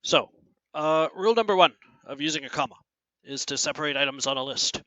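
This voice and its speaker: A man teaching a grammar lesson, often asking "right?" and reading example sentences aloud with clear pauses. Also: fairly high pitch, bright, forceful tone, no echo, highs cut off. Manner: keeps asking "right?" to check understanding. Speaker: English teacher.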